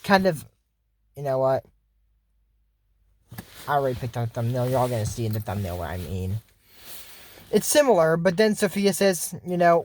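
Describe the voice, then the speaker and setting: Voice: medium pitch, expressive, moderate pace, long pauses, darkish tone. Chatty, rambling cartoon recapper. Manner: chatty and digressive, many fillers and asides. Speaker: YouTuber reviewing a cartoon episode. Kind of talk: casual rambling commentary.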